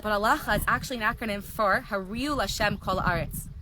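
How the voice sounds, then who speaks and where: Brief: fast, animated woman teacher telling stories, noisy clicking background. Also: mid-range voice. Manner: storytelling, animated, earnest. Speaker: Torah teacher. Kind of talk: live online class.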